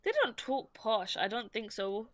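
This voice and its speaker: A woman with a London accent co-hosts a casual podcast and tells stories in a lively, chatty way. Her voice is bright and slightly high. The recording sounds dry and close. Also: measured pace, no echo. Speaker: podcast co-host. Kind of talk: casual chat.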